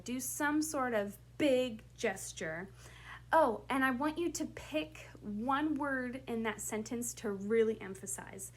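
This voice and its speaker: A woman's voice: high-pitched, a little slow. A woman directing a school play, giving blocking notes to her actors in a casual way full of fillers. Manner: casual and chatty, with many fillers. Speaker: drama director.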